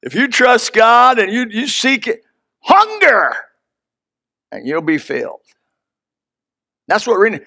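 Older male pastor, gravelly and bright, high voice, folksy pulpit delivery that rises to shouts and drops to murmurs. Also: big pitch swings, slow, long pauses. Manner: folksy, swings from loud and high to low and hushed. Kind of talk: sermon.

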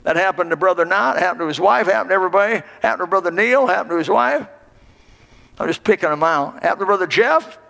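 A male pastor preaches with impassioned, swelling emphasis. His voice sits high for a man and carries a gravelly edge. The long reverb of a church hall rings behind every phrase. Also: lively intonation, fast talker, sharp tone. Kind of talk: sermon. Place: church sanctuary.

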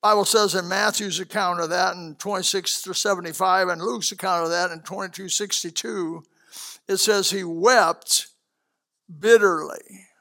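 A male preacher giving a sermon to a congregation, swinging from loud declarations to hushed asides. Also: high voice, fairly even intonation, normal speed, gravelly. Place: church hall with a congregation.

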